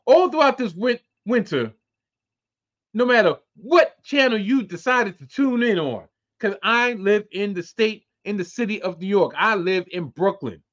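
Animated, profane man ranting on a podcast. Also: high voice, unhurried. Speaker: podcast host. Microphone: close to webcam. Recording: dull lo-fi sound.

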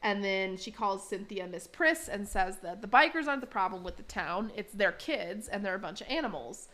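A woman's voice: mid-range voice, animated, moderate pace, bright, forceful tone. Chatty woman recapping with laughter. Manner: chatty, laughs often, many fillers. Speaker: podcast host. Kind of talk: casual episode recap.

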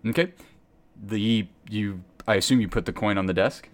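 A man narrating a tabletop game as game master, in an animated storytelling manner. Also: lowish voice, moderate pace.

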